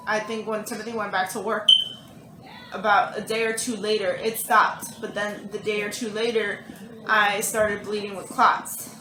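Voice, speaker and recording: A young woman telling a personal story in casual chat, animated and quick to act out what others said. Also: mid-range voice. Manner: chatty, animated, acts out quotes. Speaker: vlog co-host, mother. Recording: echoey room with music behind.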